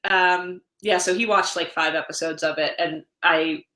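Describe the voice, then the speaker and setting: A woman's voice: on the low side, fairly even intonation, moderate pace, pushed and bright. A woman in her thirties, co-hosting a podcast and telling long, rambling stories in casual chat. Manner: chatty, rambling storyteller. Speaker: podcast co-host. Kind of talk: casual chat about comics and TV. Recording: echoey room.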